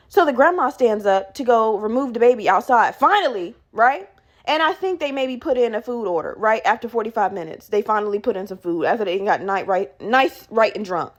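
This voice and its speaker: A young woman hosting a podcast, telling a story casually with lots of swearing and acting out other people in raised voices. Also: fairly high pitch. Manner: animated, profane, acts out quoted people in raised voices. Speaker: podcast host.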